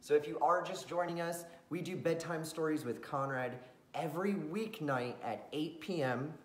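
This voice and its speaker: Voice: medium pitch, moderate pace, echoey room. A host greeting viewers and reading a children's bedtime story aloud in a friendly, sing-song storytelling manner.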